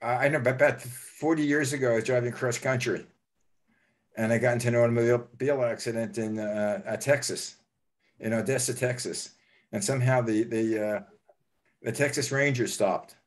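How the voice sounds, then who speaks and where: A man's voice: medium pitch, steady tone, normal speed. An older man hosting a casual interview, telling stories in a rambling way with many restarts. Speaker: host.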